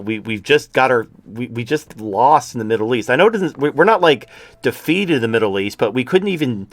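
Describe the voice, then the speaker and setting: A man's voice: mid-range voice, fairly bright tone, dry recording. A male talk-show host ranting in a profane, sarcastic way.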